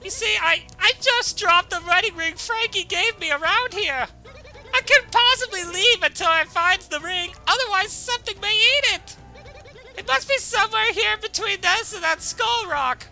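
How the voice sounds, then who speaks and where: A man voicing a dramatic, clingy young mob wife in a melodramatic falsetto, reading game dialogue aloud. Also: normal speed, gravelly, pushed and bright, faint music behind, full character voice. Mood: fretful.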